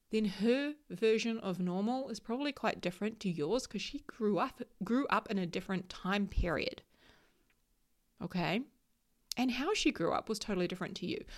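A woman in her thirties giving a motivational talk about solo travel, emphatic and coaching, often checking in with "right?". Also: medium pitch.

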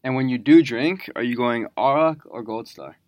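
A host asking quick, teasing questions in a casual interview. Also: mid-range voice, no echo. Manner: teasing, rapid-fire questions.

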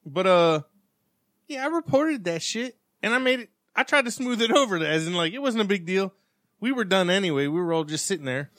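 Bright, lively high-voiced man. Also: brisk, dry recording, clean studio sound. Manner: swearing, retelling with quotes. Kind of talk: casual chat.

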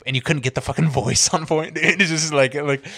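A man's voice: a little high, fairly even intonation, a little fast, fairly bright tone. A young man with an ordinary mid-range voice chats on a podcast. He laughs a lot, swears freely and acts out comedy bits as he retells them. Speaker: podcast co-host. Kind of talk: casual podcast chat.

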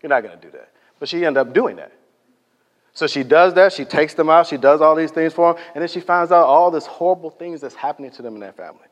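A man's voice: on the high side, quick pace, big-room sound. A man preaching a sermon, telling stories with emphasis and dropping to near-whispers for effect.

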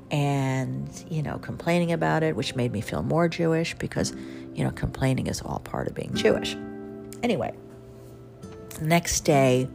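A woman's voice: very deep voice, vocal fry. A woman with a Southern accent hosting a radio show, telling rambling stories in a chatty, self-mocking way. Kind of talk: casual storytelling monologue. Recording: music playing under the voice.

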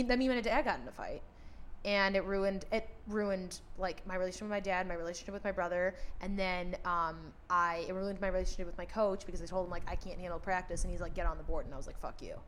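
Fast-talking young woman, candid and swearing. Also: on the low side, fairly even intonation, a bit bright, slight background noise. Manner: fast, candid, swears freely, restarts often. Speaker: podcast host. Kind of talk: casual podcast chat.

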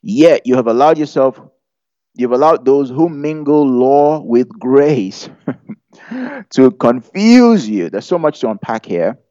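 A man preaches in a loose, conversational way, full of jokes and questions thrown out to his listeners. His voice is mellow and relaxed at a middling pitch. The sound is dry and a little muffled. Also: takes it slowly, no room sound. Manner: humorous, chatty, asks the audience questions. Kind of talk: conversational sermon. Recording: dull lo-fi sound.

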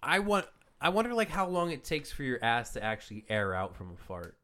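A man's voice: mid-range voice, a little fast, fairly bright tone. Easygoing co-host man cracking crude jokes. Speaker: podcast co-host. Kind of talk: casual chat.

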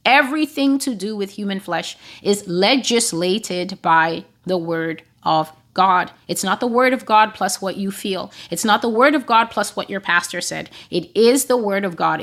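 A woman's voice: medium pitch, a bit bright. A woman giving a prophetic teaching monologue, emphatic and repeating phrases for stress.

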